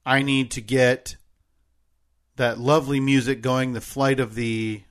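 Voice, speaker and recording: A man's voice: medium pitch, level tone, a little slow. A man co-hosting a podcast in casual chat, earnest and self-deprecating. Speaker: podcast co-host.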